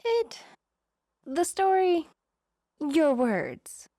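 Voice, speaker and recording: A woman's voice: fairly high pitch, expressive, unhurried, no room sound, clean studio sound. A woman voicing a nervous, self-mocking young woman in her twenties who talks in jittery, dramatic bursts in a storybook reading. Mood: exasperated. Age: 20s.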